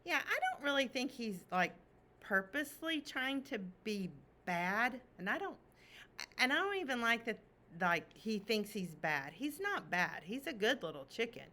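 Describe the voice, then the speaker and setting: A woman teacher reading a picture book aloud to children, expressive and asking them questions. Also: fairly high pitch, unhurried.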